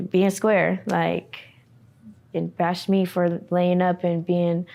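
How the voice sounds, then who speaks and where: Woman talking low and flat, hesitant, lots of ums, recounting her past. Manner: halting, many fillers, quiet and subdued. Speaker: interviewee. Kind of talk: personal testimony.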